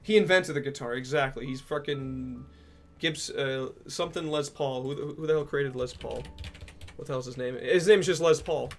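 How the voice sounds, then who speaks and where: A young man streaming casually, reading out and answering chat messages, joking and swearing with sudden loud outbursts. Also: mid-range voice, normal speed, faint music behind.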